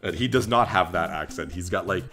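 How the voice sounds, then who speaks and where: A man's voice: deep voice, a little fast, a bit bright. A young Canadian man with a Canadian accent gives joking, rambling, self-deprecating let's-play commentary from home. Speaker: gaming channel host. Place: home room, construction outside. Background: game music.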